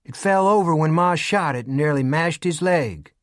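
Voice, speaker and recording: A blunt, matter-of-fact frontier girl of fourteen, as a male narrator puts her on, raised in pitch above his usual tone. She answers plainly, as if the questions were obvious. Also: moderate pace, a bit bright, no echo, studio quality, close to an everyday voice.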